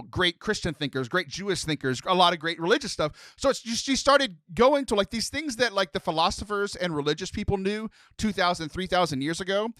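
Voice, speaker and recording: Male podcast host from Texas, animated rambler, bright tone. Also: high voice, no room sound. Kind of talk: casual podcast chat.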